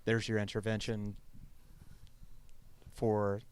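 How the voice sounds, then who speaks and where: A man's voice: fairly low pitch, monotone, takes it slowly, a little mellow, slight background noise. A man hosting an interview show, giving short affirmations and promoting an exhibit at the close. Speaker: host.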